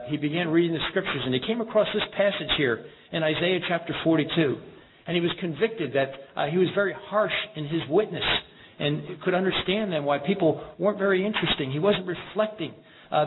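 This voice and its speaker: A man delivers a sermon in an earnest, measured way, stopping to read scripture aloud. His voice sits a little high for a man. The recording is thin and phone-like, with steady noise underneath. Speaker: preacher. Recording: tinny phone-like sound with background noise.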